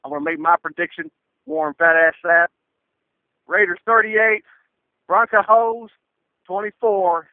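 A man with a slightly high voice calls in over a dry, tinny phone line. He speaks defiantly and passionately about staying loyal to his team. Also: little pitch movement, a little slow, pauses often, no echo. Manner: defiant, loyal fan declarations. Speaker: caller. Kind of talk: fan call-in rant.

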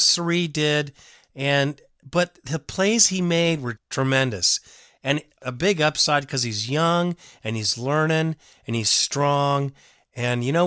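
A man's voice: mid-range voice, pushed and bright, no echo, studio quality. A man hosting a fan sports podcast, talking bluntly and emotionally in a rambling, opinionated way. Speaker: podcast host.

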